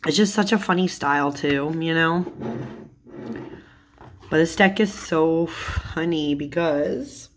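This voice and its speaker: A woman's voice: low voice, takes it slowly, long pauses, slight background noise. A woman in a casual vlog, chatting about tarot cards, laughing often and swearing casually. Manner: giggly, laughs often while talking. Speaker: tarot vlogger.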